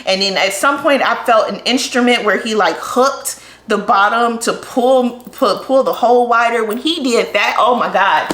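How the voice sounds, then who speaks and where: A young woman vlogger telling a personal story, candid and animated, with lots of "like" fillers. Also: fairly high pitch, normal speed. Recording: echoey room.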